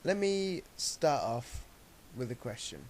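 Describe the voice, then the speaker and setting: A man hosting a casual gaming Q&A while playing, friendly and quick to laugh. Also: medium pitch, very animated. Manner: friendly, laughs often, asks questions. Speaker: host of a gaming Q&A series. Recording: hissy home mic recording.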